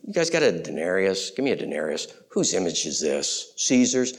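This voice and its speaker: A tired teacher, as a man puts him on, speaks in a dropped, quiet register. He sounds exasperated and unhurried. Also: low voice, big pitch swings, gravelly, pitched below the performer's own voice, exaggerated voice. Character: weary teacher brushing off a trap.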